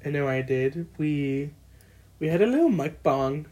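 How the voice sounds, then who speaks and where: A woman's voice: low-pitched, lively intonation, unhurried, dark tone. A young woman in her twenties co-hosting a casual podcast, blunt and full of fillers, recorded on a built-in laptop mic. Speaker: podcast co-host. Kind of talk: casual chat.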